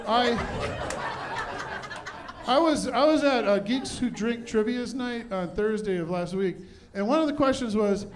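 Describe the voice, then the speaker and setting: A man's voice: very high voice, a little slow, pauses often. A middle-aged man doing a self-deprecating stand-up comedy set on a club stage with a handheld mic. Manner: self-deprecating, punchy delivery.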